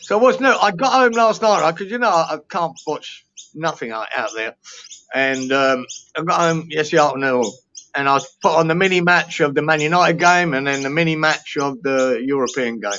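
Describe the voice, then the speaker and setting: This guest is a weary middle-aged man from London, Cockney-accented, talking casually and bluntly with lots of swearing. He speaks at normal speed in a slightly high, bright, forceful voice, captured on a dull lo-fi recording with faint background noise.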